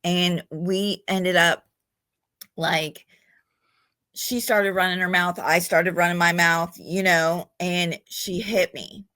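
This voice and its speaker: A middle-aged woman speaks slowly and bluntly, swearing freely and now and then laughing at herself. Her voice sits a little low for a woman. The sound is dry and close, with no room around it. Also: steady tone, pushed and bright, dry recording. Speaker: guest in recovery. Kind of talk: candid conversational storytelling.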